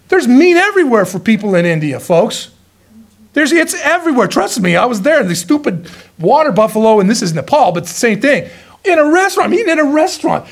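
A middle-aged man preaching with a high, bright voice that leaps all over the place. He fires off sarcastic rhetorical questions at the congregation, then drops to quiet, hushed asides. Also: sing-song, fairly quick. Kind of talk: sermon.

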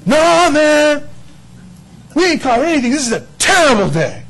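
A preacher putting on grumbling cocky fishermen. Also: male voice, extremely high pitch, very animated, normal speed, fairly bright tone, pitched above the performer's own voice, full character voice, poor audio. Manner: casual slangy complaining.

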